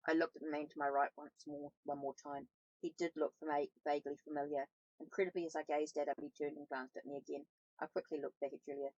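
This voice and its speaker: Woman reading aloud with a gravelly voice. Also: low voice, little pitch movement, fast talker, darkish tone, no room sound, highs cut off. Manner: reads with small slips and self-corrections. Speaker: audiobook reader, tarot channel host. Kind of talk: first-person novel read aloud.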